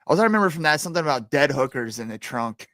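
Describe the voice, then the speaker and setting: A man's voice: a little high, lively intonation, racing, a bit bright, no room sound. Podcast co-host, male, mid voice, rambling, dry recording. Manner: rambling, many fillers. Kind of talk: casual chat.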